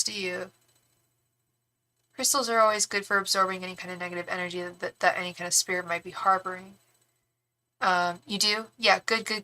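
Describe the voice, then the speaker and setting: Speaking on the low side with a bright, forceful tone, a young woman reads tarot live. As a tarot reader and psychic medium, she wanders frankly from point to point, swears offhandedly, and restarts frequently.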